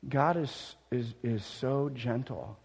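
A man preaching a sermon, swinging between loud emphatic declarations and soft gentle murmuring, often repeating words as he restarts. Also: mid-range voice, takes it slowly, husky. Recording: long hall reverb.

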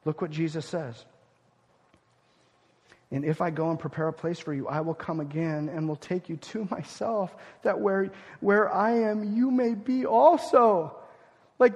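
Pastor guy preaching, highish voice, drops way down quiet then punches up loud, big hall reverb. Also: fairly even intonation, measured pace. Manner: dramatic swings from loud emphasis to near-whispered lines. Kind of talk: sermon.

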